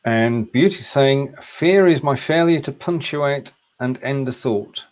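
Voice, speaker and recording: A man's voice: mid-range voice, measured pace. Brief: laid-back English male host on a video call, dull audio. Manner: easygoing, reads out comments. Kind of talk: casual live chat.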